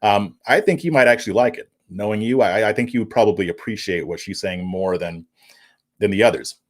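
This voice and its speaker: A fairly low-pitched man speaks at a fairly quick clip as he hosts a political commentary livestream. He reads viewer comments casually, chuckling along, and frequently stumbles over and repeats his words.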